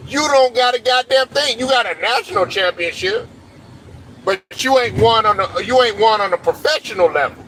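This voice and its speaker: A man's voice: high voice, expressive, moderate pace, bright, forceful tone, poor audio. A man hosting a sports show, delivering a blunt, profane, preachy rant with faint traffic noise around him. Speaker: sports commentary host.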